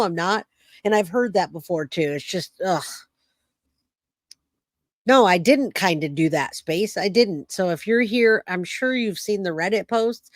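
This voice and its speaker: A woman's voice: mid-range voice, no echo. A woman, hosting a true crime channel and talking straight to viewers with indignant emphasis. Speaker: host. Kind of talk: casual commentary.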